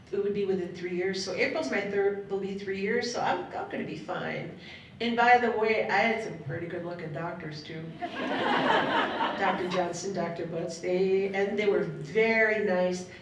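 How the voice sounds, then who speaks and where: Middle-aged woman, heartfelt storyteller, rambling, echoey hall, faint rumble. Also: far from the mic. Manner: heartfelt, rambling, laughs between thoughts. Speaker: panel speaker sharing her story. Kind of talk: personal storytelling to a live audience.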